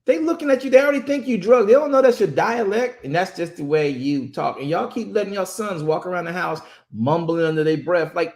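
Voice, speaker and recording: A man's voice: high voice, expressive, a little mellow. Emphatic preacher man. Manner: emphatic, drawn-out words for stress, quotes voices. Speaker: host and minister. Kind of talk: preaching talk show.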